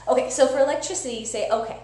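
A woman science educator giving a lively live-streamed teaching demo, chatty and upbeat, often checking in with "right?". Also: mid-range voice, brisk. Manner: energetic, chatty, asks listeners "right?". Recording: echoey room with faint hum.

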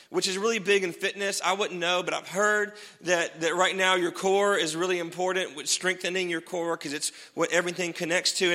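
A male pastor with a bright, fairly high voice preaches in a casual, self-deprecating way and laughs at himself often. His voice carries a long reverb from the church hall around him. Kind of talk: sermon.

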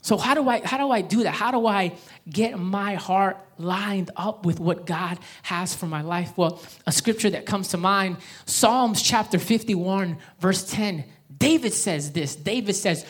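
A woman's voice: medium pitch, a little slow. A woman pastor preaching a sermon at a church service, speaking with emphasis and calling the congregation to read along. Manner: emphatic preaching, leads the congregation in reading aloud.

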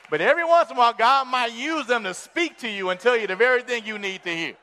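A man preaching a sermon as pastor, animated and folksy, repeating words as he builds. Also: very high-pitched, fast, a faint crowd.

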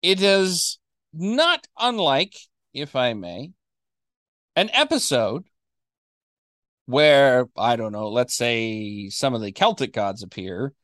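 A man co-hosting a casual podcast chat, animated, acting out characters he quotes. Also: medium pitch, takes it slowly, no echo, studio quality. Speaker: podcast co-host.

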